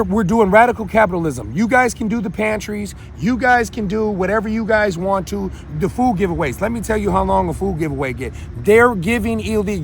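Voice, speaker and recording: A man in his thirties rants as host of his own show, preachy and heated, doubling back on his own words. His voice is gravelly and sits a bit high for a man. Faint street and traffic noise runs under the recording. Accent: Minnesota. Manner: heated, preachy, rambling with restarts. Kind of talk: impassioned solo monologue.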